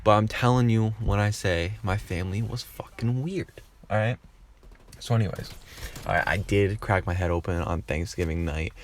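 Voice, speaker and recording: A man telling a casual storytime vlog. He rambles, swears freely and leans on fillers and restarts. His voice sits somewhat low. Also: normal speed, slight background noise. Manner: rambling, profane, lots of filler. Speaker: YouTuber.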